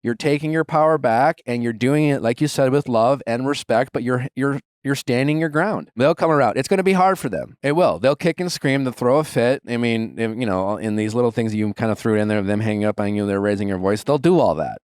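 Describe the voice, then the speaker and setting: A man's voice: mid-range voice, a little fast, hardly any pauses, smooth, no room sound, studio quality. A man in his thirties hosting an advice podcast, talking bluntly and emphatically and swearing freely. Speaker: podcast host giving advice. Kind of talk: casual advice chat.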